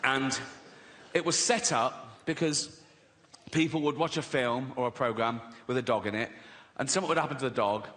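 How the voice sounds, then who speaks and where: A man's voice: mid-range voice, normal speed, a bit bright. A man in his sixties with an English accent, doing a sardonic stand-up routine and acting out little voices. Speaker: stand-up comedian. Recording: live arena reverb, faint noise.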